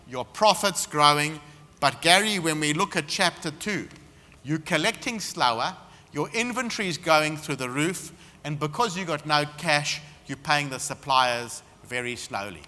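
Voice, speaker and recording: A man's voice: on the high side, sharp tone. A man giving a business seminar talk, emphatic and punchy as he tells stories to the room. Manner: emphatic, punchy storytelling delivery. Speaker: seminar speaker. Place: expo seminar hall. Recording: reverberant hall.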